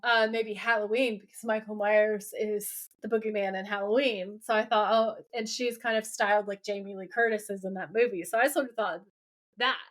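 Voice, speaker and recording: A woman speaks at a moderate pace in a mid-range voice while co-hosting a podcast. She casually goes over a TV episode, animated as she acts out scenes in quoted dialogue.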